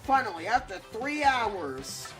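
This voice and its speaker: A woman's voice: fairly high pitch, big pitch swings, slow pace, fairly bright tone. A woman giving casual, wry commentary while playing a video game, with chatty joking asides. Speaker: let's play gamer. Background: game music.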